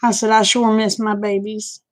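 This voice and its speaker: A woman's voice: medium pitch, little pitch movement, normal speed. An older woman, chatting casually and telling candid, folksy stories to her stream. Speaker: live-stream host. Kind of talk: casual chat storytelling.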